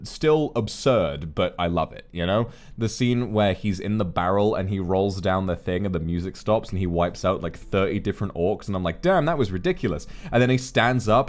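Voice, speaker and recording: A man chatting casually on a live stream, animated and quick to jump into voices. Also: on the low side. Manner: animated, jumps into voices and laughs.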